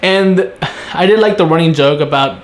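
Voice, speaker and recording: A young man giving a casual solo review of a TV episode, talking conversationally and acting out characters' lines in quick asides. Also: fairly high pitch.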